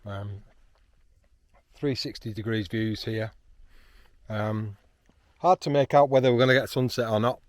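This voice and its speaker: A man, chatting excitedly outdoors on a hilltop, with frequent ums. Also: fairly low pitch, measured pace, long pauses, no room sound. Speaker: landscape photographer. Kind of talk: casual vlog narration while hiking.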